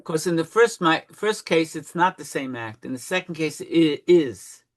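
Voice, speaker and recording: A man with a slightly raised pitch leading a Talmud study session. He explains the reasoning patiently, confirming what his partner says and summing up each point as they go. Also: animated, normal speed.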